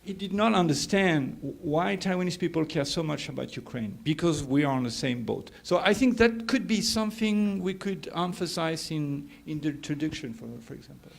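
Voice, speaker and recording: A man's voice: fairly high pitch, expressive, normal speed, gravelly, hardly any pauses. A man speaking as a sociologist in an academic workshop discussion, hesitant with many fillers and turning emphatic.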